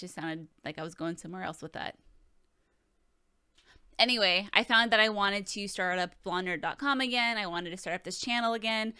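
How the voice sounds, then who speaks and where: A woman's voice: mid-range voice, normal speed, sharp tone, smooth, no room sound, studio quality. A woman in her thirties hosting a casual question-and-answer vlog, talking in a profane, joking, chatty way. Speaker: video host answering viewer questions.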